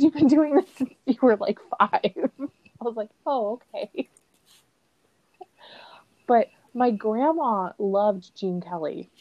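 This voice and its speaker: A woman's voice: medium pitch, no echo, low-quality recording. Thirtyish woman rambling casually on a podcast, laughs a lot, acts out what people said, dead dry mic. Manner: animated storyteller, laughs often, acts out quotes. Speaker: podcast host. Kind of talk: casual chat.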